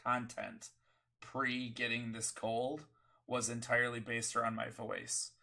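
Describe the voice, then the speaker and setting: A man's voice: mid-range voice, monotone, unhurried, vocal fry, sharp tone. A sick young man, a streamer co-hosting a casual chat, his voice worn by a cold, talking in a rambling, self-deprecating way. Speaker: streamer and podcast co-host.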